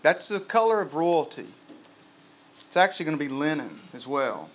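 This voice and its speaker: A man preaching a sermon to a live congregation, lively and humorous, quizzing the crowd. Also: a little high, moderate pace. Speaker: pastor.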